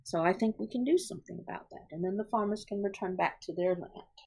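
A woman voicing a gentle, soft-spoken mother in a tabletop game, speaking hesitantly. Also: medium pitch, fast, husky. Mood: earnest.

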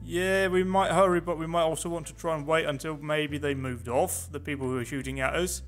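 A man's voice: a little high, fairly even intonation, a little fast. Chatty man with game music. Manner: chatty, sarcastic, muttering to himself. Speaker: gameplay commentator. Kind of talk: casual let's play commentary.

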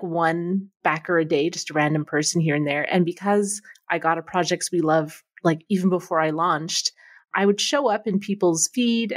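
A woman co-hosting a podcast, chatting excitedly and laughing often. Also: lowish voice. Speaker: podcast co-host. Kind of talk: casual podcast chat.

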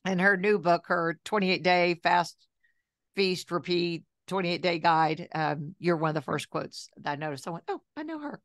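A talkative woman in her sixties with a fairly low voice tells her story as an interview guest. She chats in a lively way and slips in asides. Her voice sounds dry and close, with no room around it. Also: normal speed, dry recording. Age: 60s. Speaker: guest, journalist and health coach.

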